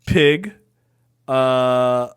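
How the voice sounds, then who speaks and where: A man co-hosting a podcast, chatting casually about movies, animated, laughing and swearing. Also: medium pitch, drawn-out words, smooth. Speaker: podcast co-host.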